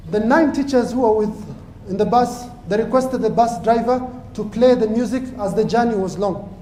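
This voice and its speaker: A man's voice: high-pitched, normal speed, dark tone, echoey room, slight background noise. A man preacher telling a moral story in an impassioned sermon, building to emphatic peaks.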